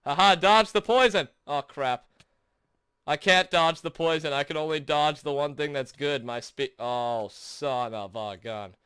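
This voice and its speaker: A young man hosting a gaming video, commentating his own play in frustration, shouting and groaning between sarcastic mutters. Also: on the high side, measured pace, clean tone, no echo, clean studio sound. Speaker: gaming channel host. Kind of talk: raging let's play commentary.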